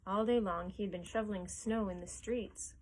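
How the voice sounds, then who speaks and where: A woman reading a chapter book aloud for a library story time, expressive and lively, chuckling along. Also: mid-range voice, moderate pace.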